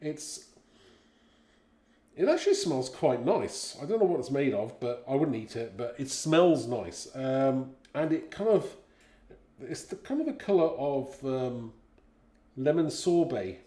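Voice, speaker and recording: A man's voice: mid-range voice, animated, a little slow, warm tone, reverberant. A man in his fifties from Britain, hosting a live craft stream in a casual, chatty way, reading viewers' comments aloud and laughing often. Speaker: craft livestream host.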